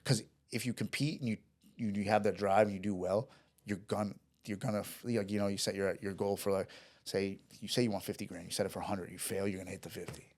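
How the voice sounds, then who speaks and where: A man's voice: on the low side, steady tone, quick pace, darkish tone. A man telling a story in a casual chat, rambling and profane, with restarts and acted-out dialogue. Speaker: podcast guest.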